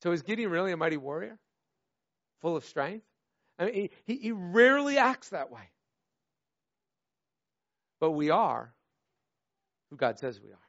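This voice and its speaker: A high-pitched man preaching with lively, theatrical storytelling, slipping into playful acted voices and then sinking into quiet, earnest appeals. The recording sounds slightly dull and lo-fi. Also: unhurried, long pauses, no echo. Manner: animated storytelling, acts out voices, drops to soft earnest tones. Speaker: pastor. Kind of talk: sermon.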